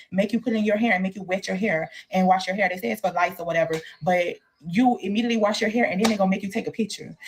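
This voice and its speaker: Give me a fast, candid woman telling a casual storytime, blunt and profane. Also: medium pitch. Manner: candid, profane, acts out quoted voices.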